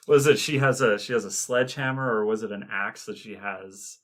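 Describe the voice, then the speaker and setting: Male podcast co-host, lower register, loose rambling delivery, casual chat. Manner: rambling, animated retelling of scenes.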